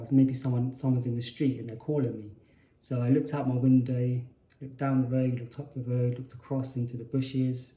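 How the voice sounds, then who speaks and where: A man recalls an old experience in an unscripted monologue. His voice is very dark and mellow, and it echoes around the room. He stops and restarts often, correcting himself as he goes. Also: mid-range voice. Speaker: spiritual channel host. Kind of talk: personal storytelling monologue. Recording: roomy echo.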